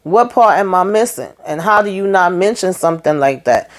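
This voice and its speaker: A woman's voice: lowish voice, animated, normal speed. A woman casually recapping a TV drama episode in a chatty, exasperated, slangy way. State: headache. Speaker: TV recap host.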